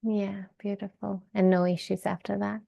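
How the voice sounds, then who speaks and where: Woman host with a flat, gravelly voice. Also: medium pitch, moderate pace, highs cut off. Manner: brief encouraging responses and questions. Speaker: podcast host. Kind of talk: interview.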